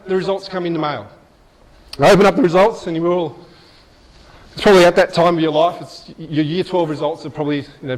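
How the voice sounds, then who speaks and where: High-voiced man telling stories. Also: low-quality recording. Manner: lively, chatty storytelling with asides. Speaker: motivational speaker. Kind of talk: storytelling keynote speech.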